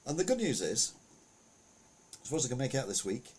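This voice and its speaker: Brief: male podcast host, husky, mid pitch, rambling casual commentary. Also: sing-song, a little fast, a little mellow. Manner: rambling, chatty, frequent fillers and asides.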